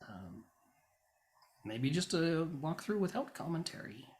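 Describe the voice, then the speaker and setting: A man talking straight to camera in a rambling, casual monologue. He rants and mocks himself wryly, and sometimes flares into loud bursts. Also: fairly high pitch, big pitch swings, measured pace. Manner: ranting, wry and self-mocking. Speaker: YouTuber.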